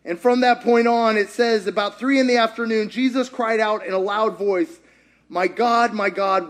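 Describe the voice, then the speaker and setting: A man preaching a sermon as dramatic storytelling, dropping to hushed whispers and rising to shouts as he acts out the voices of the people in the story. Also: high-pitched. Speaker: pastor.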